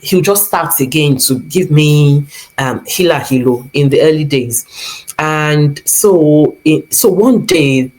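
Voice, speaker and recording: A woman's voice: deep voice, slow, a little mellow, low-quality recording. A woman with a Nigerian accent telling a personal story on her vlog in an earnest way, acting out the lines people said to her. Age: adult, previously married with a son. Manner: earnest, retelling events with quoted dialogue. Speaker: vlog host.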